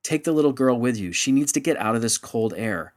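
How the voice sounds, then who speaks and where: A man doing a desperate old man shouting for help. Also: mid-range voice, lively intonation, fairly quick, lightly acted. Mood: urgent, coaxing.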